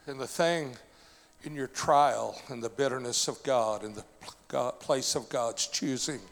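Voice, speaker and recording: A man pastor giving a sermon testimony, building from quiet storytelling to shouting, with frequent "uh" fillers. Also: medium pitch, unhurried, vocal fry, long reverb tail. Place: church.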